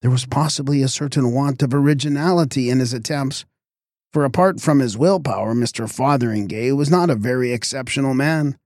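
A man reading a story aloud as narrator in a measured, even way. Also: medium pitch, dry recording, studio quality. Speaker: audiobook reader. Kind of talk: scripted narration.

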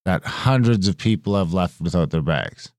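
A man's voice: low voice, lively intonation, moderate pace, darkish tone, no echo, studio quality. A man co-hosting a podcast, telling a long, profane travel story in a casual chat. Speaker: podcast co-host.

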